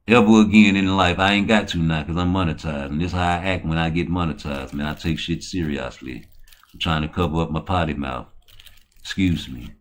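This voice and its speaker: A man hosting his own channel, talking in a profane, boisterous, rambling way that swings between low mutters and loud excited bursts. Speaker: channel host. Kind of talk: rambling livestream talk.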